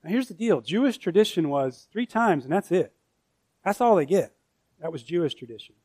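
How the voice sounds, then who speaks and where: A man's voice: a little high, animated, moderate pace, a little mellow, dry recording. A man preaching a sermon as pastor, emphatic and full of rhetorical questions.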